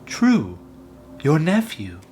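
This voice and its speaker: A man voicing a gentle, solemn spirit, speaking in a quiet, measured way. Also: a little high, huge pitch swings, slight background noise, voice pushed up, full character voice.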